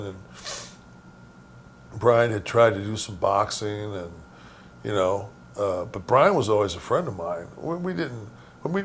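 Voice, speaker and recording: Gravelly low-voiced man, halting and profane. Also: slight background noise. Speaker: wrestling guest recalling stories. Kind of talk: casual storytelling.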